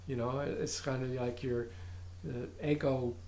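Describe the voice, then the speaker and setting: An older man, a dharma teacher, giving a contemplative talk in halting, searching phrases with frequent asides. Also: medium pitch, flat delivery, vocal fry, mellow, roomy sound, a little hiss or hum.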